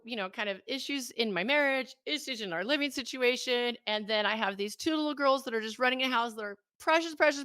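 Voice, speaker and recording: A woman in her thirties, a guest on an interview, telling a candid personal story with animated, self-mocking delivery. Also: mid-range voice, no room sound, clean studio sound. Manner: animated, acts out her own past thoughts in quotes. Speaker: interview guest, life coach.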